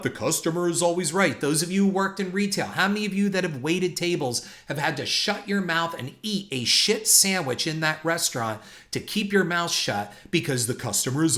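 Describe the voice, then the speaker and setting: A man's voice: on the high side, bright, forceful tone. A man hosting a podcast, telling industry stories in a blunt, profane monologue. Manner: blunt, profane, storytelling with quoted exchanges. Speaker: podcast host and filmmaker.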